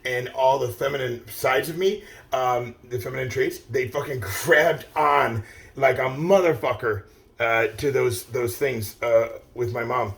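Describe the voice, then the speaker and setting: A man's voice: medium pitch, fairly even intonation, a little slow, gravelly, a bit bright. A middle-aged man rambling casually to his viewers, swearing often and filling his talk with "like" and "uh". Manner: rambling, heavy swearing, many fillers and restarts. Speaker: vlogger. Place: outdoors, standing still.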